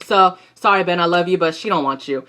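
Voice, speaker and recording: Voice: mid-range voice, fairly quick, pushed and bright. A young adult recapping a soap opera episode in a casual vlog, talking in a gossipy, slangy and profane way. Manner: gossipy, profane and slangy, talks back at the characters.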